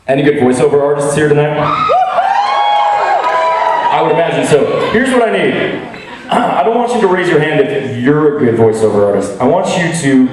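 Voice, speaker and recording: Man, stage host, teasing, lively pitch, echoey theater, crowd noise. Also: normal speed, long pauses. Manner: teasing, animated, jokey. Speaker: host of a live stage show. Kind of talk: playful live crowd work. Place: theater stage before a live audience. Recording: echoey hall, distant mic, crowd noise.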